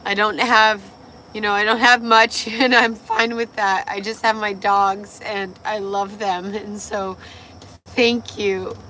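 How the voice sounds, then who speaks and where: A woman hosting a casual livestream, a little tipsy and hoarse, gushing and swearing as she reads viewer comments. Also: mid-range voice, flat delivery, slow pace, sharp tone, slight background noise. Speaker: livestream host.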